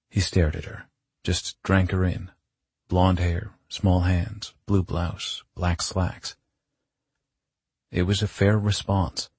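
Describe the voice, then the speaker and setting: A male audiobook narrator with a deep, very husky and breathy voice reads in a wry, measured way. The recording sounds close and completely dry. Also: a little mellow, no echo. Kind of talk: scripted narration.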